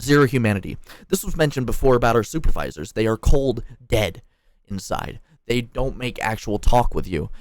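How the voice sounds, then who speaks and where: A man's voice: mid-range voice, expressive, normal speed, dry recording. A young man worker ranting heatedly about management, swearing often and turning sarcastic. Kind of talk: angry ranting monologue.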